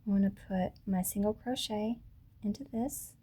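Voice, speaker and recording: A woman with a mellow, warm voice gives a beginner crochet lesson, speaking to a camera as she works. She talks patiently through each stitch, repeats steps slowly and corrects herself as she goes. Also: medium pitch, breathy edge. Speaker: crochet teacher. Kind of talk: tutorial instruction. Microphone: camera mic.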